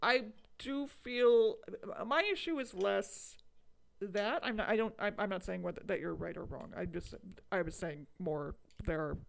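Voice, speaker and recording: A woman co-hosting a podcast in casual, animated chat, swearing freely and laughing often. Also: medium pitch, unhurried, gravelly. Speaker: podcast co-host.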